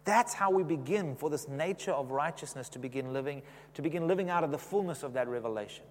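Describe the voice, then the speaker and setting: Man, preacher, sermon, conversational, questions the congregation, somewhat high voice, long hall reverb. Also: lively intonation, fast.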